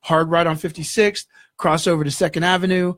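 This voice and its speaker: A man, a guest in an interview, telling a story in an animated way and acting out the voices in it. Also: on the high side, brisk, no echo, clean studio sound. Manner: animated, acts out dialogue in the story.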